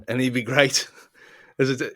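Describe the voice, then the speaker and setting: A man's voice: mid-range voice, fairly even intonation, unhurried, fairly bright tone. A man co-hosting a casual film podcast who often laughs in the middle of his sentences. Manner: giggly, laughs often between words. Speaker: podcast co-host. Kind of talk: casual film-review chat.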